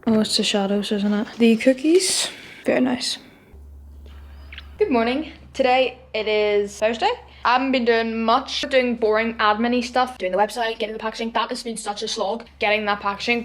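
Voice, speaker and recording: Young woman, higher voice, casual home-kitchen vlogger, phone mic. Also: steady tone, brisk, slight background noise. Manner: chatty, exasperated asides to her dogs. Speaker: vlogger building a nutrition brand. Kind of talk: casual vlog narration.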